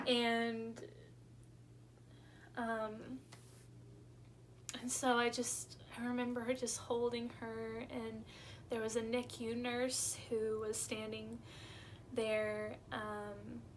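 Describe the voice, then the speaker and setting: A young woman vlogger telling her personal birth story in a halting, emotional way, close to tears at times. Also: a little high, level tone, a little hiss or hum.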